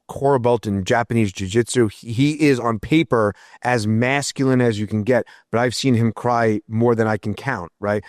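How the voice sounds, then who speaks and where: A man's voice: medium pitch, no echo, clean studio sound. A man in his thirties hosting a podcast, talking reflectively and often checking in with "right?". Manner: reflective, leans on "right?" tags. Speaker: podcast host. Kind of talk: casual interview chat.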